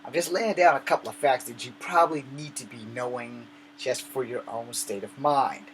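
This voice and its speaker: A man's voice: mid-range voice, moderate pace, fairly bright tone, slight background noise. A man giving a blunt, casual monologue to his viewers, swearing now and then. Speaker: vlogger.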